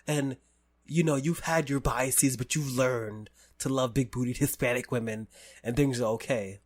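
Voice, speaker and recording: Laughing, animated male podcast host. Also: mid-range voice. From United States. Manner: animated, laughs often, talks in long stories. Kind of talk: casual chat.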